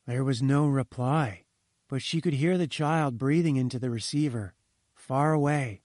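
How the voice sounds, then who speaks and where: Storybook narrator, adult man, measured and steady, dry booth sound. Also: medium pitch, no echo. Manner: measured, slowing to a hush at grim moments.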